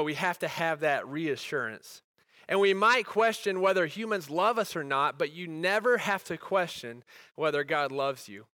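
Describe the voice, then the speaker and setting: A man preaching a sermon as a pastor, earnest, rising to emphatic peaks and dropping to soft, quiet lines. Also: fairly high pitch, no room sound.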